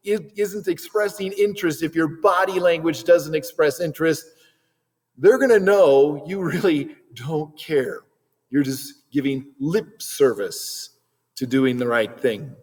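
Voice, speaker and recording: A man giving a Christian video lesson on body language in a lively, animated way, now and then acting out short quoted voices. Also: fairly high pitch, long reverb tail. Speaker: Christian teacher.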